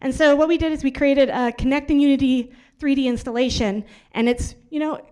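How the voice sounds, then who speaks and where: High-voiced chatty woman presenting. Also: a little fast, dark tone. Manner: chatty, playful, self-mocking. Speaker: hackathon team presenter. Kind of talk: casual demo presentation.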